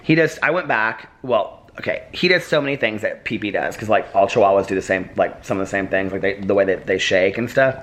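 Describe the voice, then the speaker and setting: A man's voice: fairly low pitch, a little fast, hardly any pauses, a bit bright. A man chatting casually in a daily vlog at home, giggling often and cooing at his dogs. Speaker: vlogger.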